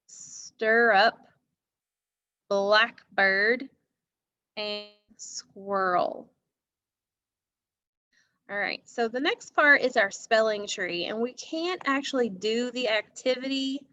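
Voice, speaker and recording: A woman's voice: fairly high pitch, sharp tone, highs cut off. A woman teacher giving a phonics lesson to a class, speaking patiently and asking her students questions.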